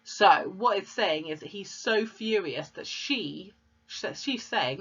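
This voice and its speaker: A woman's voice: mid-range voice, animated, unhurried, a bit bright, husky. A woman reading a storybook aloud to children and explaining the pictures and words as she goes. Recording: dull lo-fi recording.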